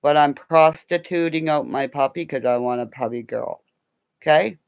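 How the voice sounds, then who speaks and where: A woman's voice: deep voice, moderate pace, creaky, darkish tone, smooth, lo-fi sound. An older woman signing off a livestream from home on her computer, rambling and joking crudely. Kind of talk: casual livestream sign-off chat. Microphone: computer mic.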